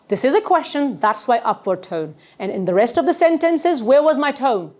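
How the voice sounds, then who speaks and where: A woman trainer gives a lecture to a class, her voice high and swooping widely in pitch. She acts out rising and falling tones to make her point and keeps asking the students questions. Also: lively intonation, moderate pace, few pauses, a little mellow. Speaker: communication trainer.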